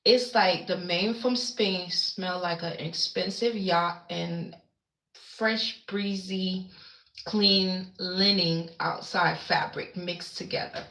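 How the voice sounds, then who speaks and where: A woman's voice: lowish voice, fairly even intonation, slow pace, pushed and bright, echoey room, rough recording. A woman from the Caribbean islands chatting casually on a livestream, rambling and reacting to viewer comments. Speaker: livestream host. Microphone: webcam.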